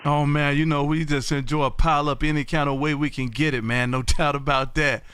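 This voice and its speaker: A man hosting a ham radio show, calling CQ and chatting loudly and folksily with callers. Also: on the high side, level tone, noisy background. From Texas. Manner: loud, folksy, drawn-out exclamations. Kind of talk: casual on-air radio chat.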